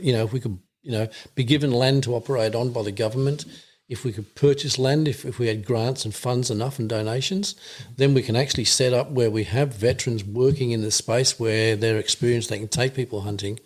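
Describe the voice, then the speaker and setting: A man's voice: medium pitch, breathy edge. Earnest Australian man, casual chat. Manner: earnest, rambling, laughs easily. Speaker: podcast guest, veterans hunting program founder.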